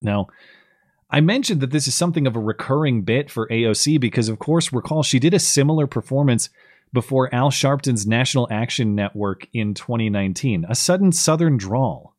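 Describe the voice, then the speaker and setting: A male host delivering political commentary in a mid-pitched voice. He talks with a sarcastic, mocking edge. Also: lively intonation, a little fast, a little mellow, dry recording, clean studio sound. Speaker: podcast host.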